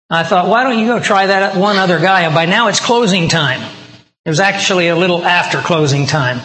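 A man's voice: high voice, normal speed, pushed and bright. A male pastor preaching a sermon as a personal story, talking conversationally and acting out the dialogue he quotes. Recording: roomy hall with long reverb.

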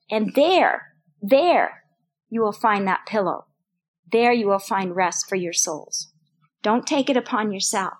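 Older female Bible teacher, high pitch, earnest personal sermon delivery. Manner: earnest, personal, repeats phrases for emphasis.

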